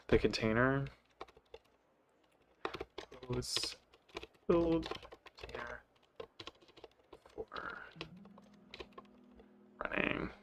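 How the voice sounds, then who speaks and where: A man's voice: lowish voice, a little hiss or hum. A man working through code while thinking aloud, hesitant and self-correcting, muttering to himself and sounding sleepy. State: sleepy, yawning. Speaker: programmer live coding.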